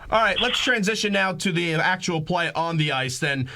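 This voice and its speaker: A man's voice: high voice, expressive, moderate pace, vocal fry, noisy background. A young man hosting a sports talk radio show, asking eager, talkative questions. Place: radio studio.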